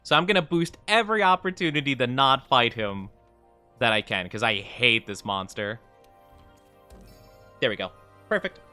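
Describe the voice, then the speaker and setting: A man's voice: medium pitch, normal speed, pauses often, bright, forceful tone, clean tone, soft background music. A man chatting casually and playfully while streaming a game, rambling and laughing often. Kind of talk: casual live-stream chat while gaming.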